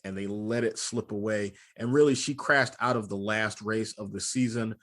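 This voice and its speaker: A man hosting a casual car talk show, relaxed and self-mocking, explaining racing history in long runs. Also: lowish voice, normal speed. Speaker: podcast host. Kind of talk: casual chat and car commentary.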